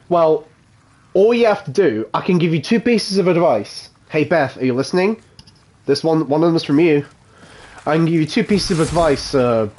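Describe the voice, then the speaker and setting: A man's voice: fairly high pitch, a little mellow, slight background noise. Chatty man streaming a game. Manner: chatty, laughs often, swears casually. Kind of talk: casual live gameplay commentary.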